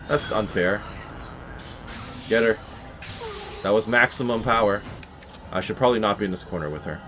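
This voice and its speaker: A man's voice: fairly low pitch, normal speed, long pauses, background noise. A man giving let's play commentary on a horror game, wry and talking back to the enemies as he plays. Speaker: gameplay commentator. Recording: game music playing behind. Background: game music.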